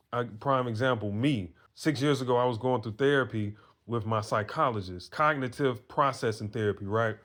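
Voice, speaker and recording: A man speaks straight to other men in a loose, earnest monologue. He tells his own story plainly, then preaches his point with blunt conviction and the odd curse. His voice sits at an everyday middle pitch. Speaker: vlogger giving advice to men.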